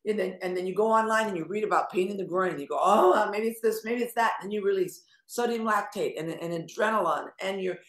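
An older woman hosting a live video call forum on anxiety, animated and teasing, swearing casually as she coaches a caller. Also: medium pitch, quick pace, few pauses, echoey room.

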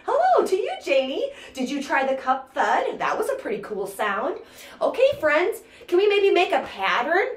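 A woman with a high voice leads a toddler music class, counting out rhythms and chanting in a bouncy sing-song. She sits on the floor of an indoor room, and the sound is reverberant.

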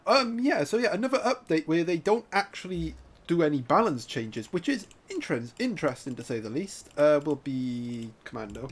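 A man giving excitable live commentary over his own gameplay, laughing and taunting opponents. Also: a little high, moderate pace, slightly rough. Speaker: gaming YouTuber.

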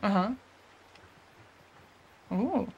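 A woman's voice: mid-range voice, animated, extremely slow, a little mellow, husky, muffled recording. A young woman streaming a game, chatting casually and giggling with her viewers, swearing now and then. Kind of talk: casual live-stream chat while gaming.

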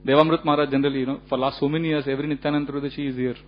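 A man delivers a storytelling sermon, his voice sitting somewhat high for a man. He narrates in an animated way, chuckling often and dropping in casual fillers. The recording is dull and lo-fi, with a faint hum underneath. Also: rapid-fire. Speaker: speaker giving a temple lecture. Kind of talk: storytelling religious lecture.

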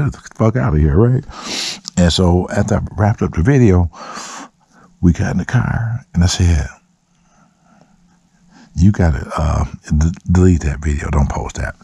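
A man's voice: low-pitched, dark tone, husky, dry recording. A man telling a long, profane personal story in a casual vlog, often voicing quotes. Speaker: vlogger. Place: dark room.

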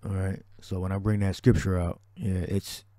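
Deep dark-voiced guy preaching and commenting, loose and repetitive. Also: flat delivery, moderate pace, no echo, studio quality. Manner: repetitive, restarts, scripture-heavy. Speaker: religious teacher.

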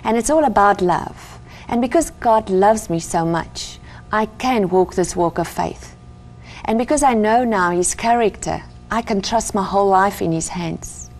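A woman's voice: medium pitch, measured pace, darkish tone. Earnest woman sharing testimony. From South Africa. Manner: earnest, fervent storytelling. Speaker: interview guest. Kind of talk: personal testimony in conversation.

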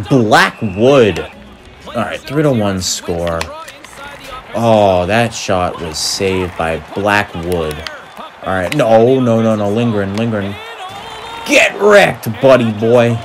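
Young male gamer, sportscaster-style play-by-play, animated and reactive, faint music bed. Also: fairly low pitch, slow, some chatter behind. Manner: excitable, mock sportscaster calls, yelps and groans. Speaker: gaming YouTuber. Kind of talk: live play-by-play gaming commentary.

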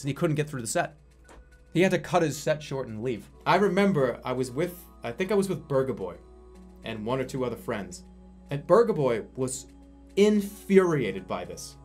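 A man's voice: on the high side, darkish tone. A man in his thirties, a livestreamer rambling through a casual chat and swearing freely. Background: faint music.

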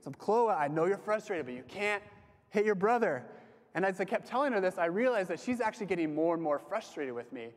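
Brisk, high-pitched, and expressive, a young man delivers a relaxed sermon to a campus group, sharing personal stories. He talks conversationally, fills gaps with "like," and trails off softly, all under long hall reverb.

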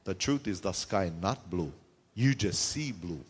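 A man preaching a sermon, telling lively stories and calling for amens. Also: low-pitched, a little slow, slightly rough. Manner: lively storytelling with call-and-response. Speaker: pastor. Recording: reverberant hall sound.

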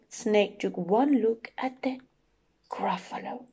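A woman teacher reading a rhyming picture book aloud to children, expressive and sing-song, sometimes dropping to a whisper. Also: medium pitch, unhurried.

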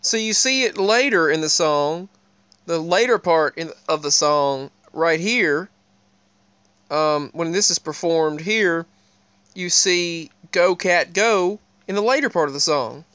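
A man's voice: a little high, measured pace, pushed and bright, clear, resonant tone, no room sound. A man talking casually to his viewers, rambling with frequent restarts and pointing them to what is on the screen. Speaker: video creator. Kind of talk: casual talk to camera.

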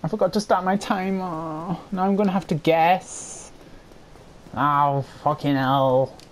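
An unhurried, giggly gamer voice narrating their own play in casual commentary. They swear freely and yelp excitedly when a fight turns. A faint hiss sits under the voice. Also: mid-range voice. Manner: excitable outbursts during fights.

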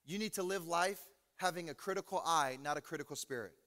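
A man preaching an energetic, joking sermon as pastor, swinging from loud preaching to low asides. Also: fast talker. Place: large church hall. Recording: reverberant hall with music.

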